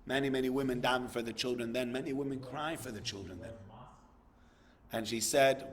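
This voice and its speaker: A man's voice: mid-range voice, a little fast, a little hiss or hum. A man giving a sermon, telling a story and rising to impassioned emphasis. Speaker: rabbi giving a talk.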